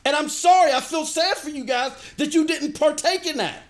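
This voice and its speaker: Middle-aged guy on a game stream, really high voice, ranting at chat all worked up. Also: moderate pace. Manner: animated, ranting, talks straight to chat. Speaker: gaming streamer. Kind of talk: livestream commentary, answering chat.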